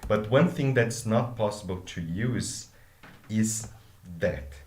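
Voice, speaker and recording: A man whose first language is Portuguese teaches an English grammar lesson in a fairly low, slow voice, in an echoey room. He explains with examples and checks in with "okay?" after each point.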